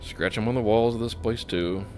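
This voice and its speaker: A man's voice: fairly low pitch, fairly even intonation, moderate pace, darkish tone, faint music behind, close to an everyday voice. A man voicing a weary, plain-spoken mourner of the dead who talks in a folksy, rueful way.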